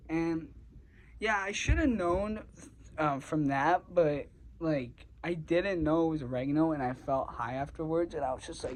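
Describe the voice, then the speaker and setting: Young male vlogger, slightly high voice, rambling and profane storytelling, heats up as he goes. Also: normal speed, rough recording. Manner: rambling, filler-heavy, profane, gets heated. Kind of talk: casual storytelling.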